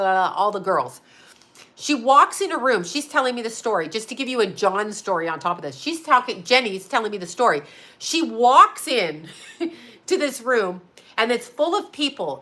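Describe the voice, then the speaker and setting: A woman vlogger with a mid-range voice tells her viewers a story in a casual, animated way. She swears freely and laughs often.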